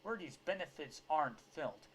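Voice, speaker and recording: A man's voice: a little high, sing-song, moderate pace, a bit bright, a little hiss or hum. A man reading a news article aloud and breaking off into sarcastic, profane, heated rants. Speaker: political commentator. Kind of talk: ranting commentary on a news article.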